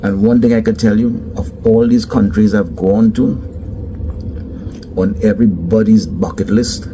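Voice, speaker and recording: A man's voice: on the low side, fairly even intonation, unhurried, background noise. A man casually telling travel anecdotes in a loose, conversational way. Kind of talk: casual storytelling.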